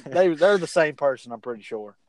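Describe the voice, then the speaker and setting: A man's voice: on the high side, expressive, brisk, rough recording. A man co-hosting a casual sports picks podcast, talking in a rambling, chatty way. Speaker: podcast co-host.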